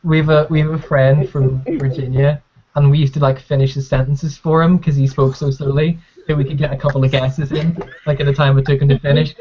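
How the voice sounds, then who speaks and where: An Irish podcast co-host trading quick, sweary jokes in casual chat. The voice sits at a middling pitch. The recording is dull and lo-fi. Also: flat delivery, mellow, slight background noise.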